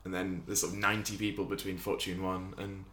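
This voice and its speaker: A man's voice: low voice, little pitch movement, a little fast, a bit bright. A man co-hosting a casual podcast, guessing along and making dry, wry quips.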